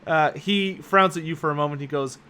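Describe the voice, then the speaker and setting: Bright-voiced man narrating a game. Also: on the high side, brisk, clear, resonant tone. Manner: relaxed, laughs often, frequent "uh". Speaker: game master.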